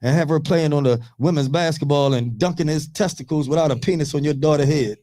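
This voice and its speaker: A man in his thirties on a radio talk show, telling profane, animated stories in casual chat. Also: on the high side, fairly quick.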